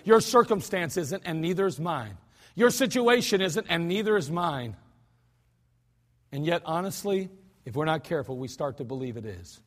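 Pastor, male, high-pitched, casual sermon delivery with sudden loud outbursts. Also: expressive, normal speed. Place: church sanctuary.

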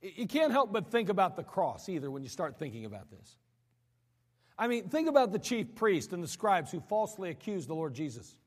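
High-voiced preacher man in a reverberant hall. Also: sing-song, fairly quick. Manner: dramatic preaching, sudden drops to low quiet lines; repeats words when building a point. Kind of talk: sermon.

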